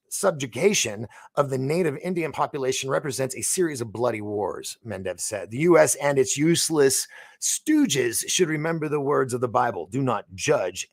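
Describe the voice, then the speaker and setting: A man's voice: medium pitch, no echo. A man hosting a casual live stream, reading news aloud, tripping over names and answering viewer comments. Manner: reads news aloud haltingly, stumbles on names, chats with viewers.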